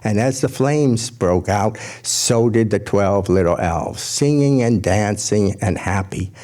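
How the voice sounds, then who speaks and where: A man telling a folk tale to a gathering, in a measured, gentle storytelling manner. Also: lowish voice.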